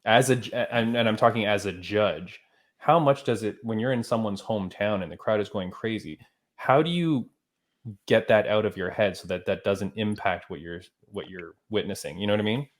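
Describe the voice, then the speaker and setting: Low-voiced man hosting a podcast. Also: normal speed. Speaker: podcast host. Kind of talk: casual podcast interviewing.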